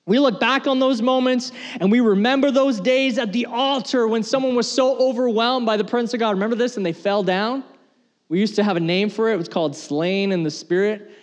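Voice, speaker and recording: A man's voice: sits high, brisk. A man preaching a sermon as pastor, earnest and conversational, repeating phrases as he builds his points. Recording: long hall reverb.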